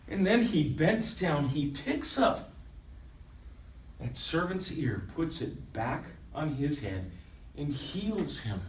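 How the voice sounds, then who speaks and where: A man performing a first-person dramatic monologue, swinging between loud urgency and hushed intensity. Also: a little high, very animated, takes it slowly. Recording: echoey room, voice from a distance.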